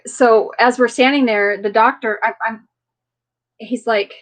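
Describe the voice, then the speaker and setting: A woman's voice: fairly high pitch, steady tone, measured pace, rough recording. A woman hosting a casual live chat, rambling through personal stories and laughing often between sentences. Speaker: livestream host.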